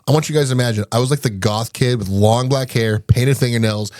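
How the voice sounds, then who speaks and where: A man in his forties talks quickly and with lots of energy, telling stories as a podcast guest. He slips into little voices for the people he quotes. The sound is close and dry, with no room echo. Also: mid-range voice. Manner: fast, animated, acts out quoted dialogue. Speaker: guest, business owner. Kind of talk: casual storytelling in an interview.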